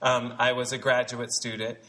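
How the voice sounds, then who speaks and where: A man's voice: medium pitch, little pitch movement, moderate pace, sharp tone, low-quality recording. A man in his forties giving a rambling, chatty dialect lesson to actors at a read-through, laughing often. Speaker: dialect coach. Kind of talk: informal acting lesson talk. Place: theater rehearsal room at a read-through.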